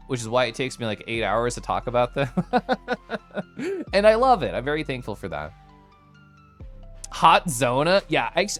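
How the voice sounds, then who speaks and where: An energetic young American streamer with a medium-pitched voice chats casually with viewers, reading and answering chat aloud with plenty of laughs and asides.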